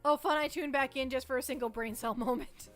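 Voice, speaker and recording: A woman's voice: high voice, steady tone, fairly quick, faint music behind. A young Canadian woman hosting a livestream, rambling casually with her chat and often restarting her sentences. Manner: rambling, chatty, self-interrupting. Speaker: livestream host.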